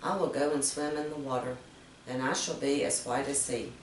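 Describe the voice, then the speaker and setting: A woman's voice: a bass voice, fairly even intonation, moderate pace, slight background noise. A woman voicing a vain male raven in a storybook reading, speaking boastfully in her own everyday voice. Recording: roomy, distant mic.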